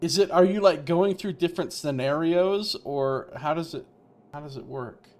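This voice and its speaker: A young man casually commentating a live-streamed game and chatting with viewers, relaxed and rambling. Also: on the high side, normal speed.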